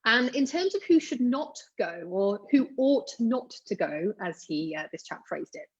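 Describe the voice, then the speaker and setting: A woman's voice: a little high, very animated, measured pace, breathy edge, muffled recording. A woman chatting casually about old emigrant guides, with fillers, asides and self-deprecating remarks. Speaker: genealogy blogger. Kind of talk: casual explainer monologue.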